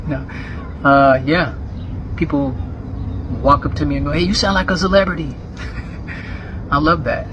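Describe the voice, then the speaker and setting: An American man talking casually to camera outdoors, lively and acting out quoted voices. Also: medium pitch, lo-fi sound, noisy background. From United States. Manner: animated, acts out quoted voices, chuckles. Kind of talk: casual vlog talk to camera.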